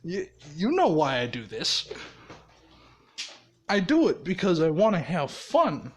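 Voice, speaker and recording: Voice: medium pitch, huge pitch swings, measured pace, breathy edge, full character voice. A storyteller voicing a grumpy, bored young hero who complains and swears. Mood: grumbling.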